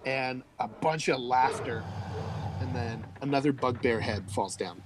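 A man narrates a tabletop game as its game master. His voice sits in an ordinary middle pitch, and he describes each scene with easy, relaxed humor, calling for rolls between descriptions. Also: unhurried, heavy background noise.

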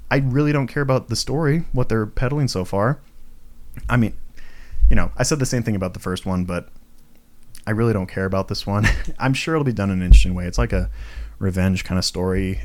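Young man, podcast host, solo rant, low-ish voice, swears a lot, lots of fillers. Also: a little mellow. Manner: ranting, swears freely, frequent fillers and self-mocking asides. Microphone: home recording setup, tripod for video.

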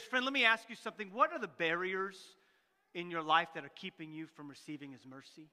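Animated preacher with a bright voice. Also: male voice, high voice, a little fast, big-room sound. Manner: animated, acts out voices, swings from loud to hushed. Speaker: pastor. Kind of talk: sermon. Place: church sanctuary.

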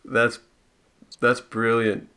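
Bright-voiced, upbeat man. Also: medium pitch, monotone, extremely slow. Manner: laughs often, teasing and enthusiastic. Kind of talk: casual chat.

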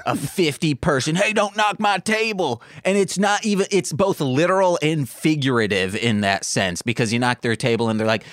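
A man from Michigan co-hosting a podcast in casual chat, animated and jokey. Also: mid-range voice, fairly quick, hardly any pauses, no room sound, studio quality. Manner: animated, jokey, does mocking voices. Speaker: podcast co-host.

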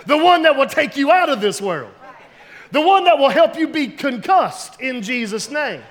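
High-voiced man preaching a sermon. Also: expressive, moderate pace, in a large hall. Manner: storytelling preacher, builds to loud emphatic shouts. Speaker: pastor.

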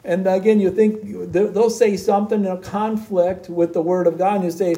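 A man preaching a sermon in an emphatic, repetitive cadence, slowing down to read scripture aloud. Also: high-pitched, flat delivery, dark tone.

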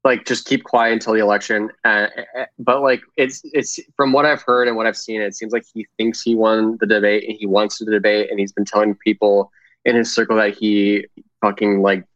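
Low-voiced rambling man, dull mic. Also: little pitch movement, fairly bright tone, no room sound. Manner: rambling, halting, crude jokes. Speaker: podcast co-host. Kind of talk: casual political chat.

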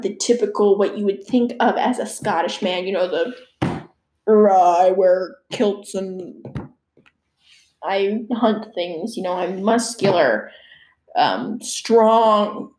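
In an echoey room, a teenage girl talks to herself in a loose, rambling way, cursing and laughing as she goes. Her pitch is fairly high and her tone leans dark.

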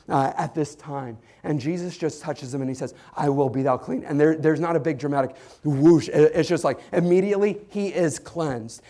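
A young male pastor delivers a sermon in a fairly high voice. He tells stories with animated swings in pitch and often stumbles over restarts and fillers. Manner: animated storytelling, rising to excited shouts.

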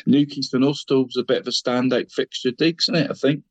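A man's voice: medium pitch, steady tone, a little fast, a little mellow, dry recording, highs cut off. A middle-aged man co-hosting a football show, rambling and putting "mate" after every phrase. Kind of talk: casual football chat.

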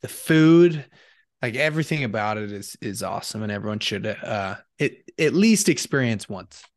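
A man chatting on a casual podcast as co-host, relaxed and enthusiastic, with plenty of fillers. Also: fairly low pitch, normal speed, dry recording, studio quality. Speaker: co-host, host's brother.

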